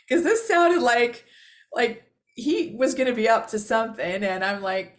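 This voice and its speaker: A woman's voice: fairly high pitch, animated, a little slow. A woman telling a personal story casually to camera, rambling, full of fillers and restarts, often laughing. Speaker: vlogger.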